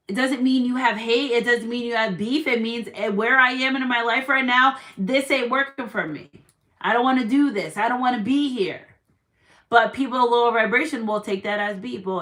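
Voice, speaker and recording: A tarot reader gives a spiritual reading to her viewers, encouraging them with repeated affirmations and quotes from scripture. Her voice is on the high side and a bit bright.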